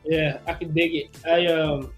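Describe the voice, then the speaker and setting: Man, pastor, co-host. Fairly high voice, chatty, halting speech, faint music underneath. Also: little pitch movement. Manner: rambling, halting, with many restarts. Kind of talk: casual radio show chat.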